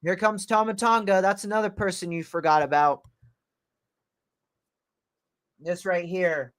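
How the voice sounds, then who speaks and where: A man with a high-pitched voice, starting to lose it, livestreaming excited play-by-play reactions to a wrestling match from his home computer. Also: normal speed, no room sound. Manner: excited play-by-play, calling moves as they happen. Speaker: livestream host. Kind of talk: live wrestling reaction commentary.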